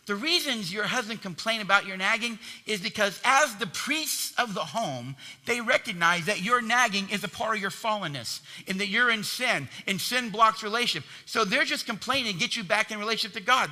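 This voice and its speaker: A man preaches an animated sermon, punching key words and tossing questions to the congregation. His voice is high for a man and very bright and forceful. A long reverb from the church hall hangs behind him. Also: a little fast, hardly any pauses. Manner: animated, emphatic preaching with call-and-response questions. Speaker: pastor.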